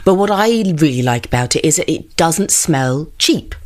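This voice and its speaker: A woman with a southern English accent co-hosting a podcast, chatting in an animated way and laughing often. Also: low-pitched, moderate pace. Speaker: podcast co-host. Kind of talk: casual chat.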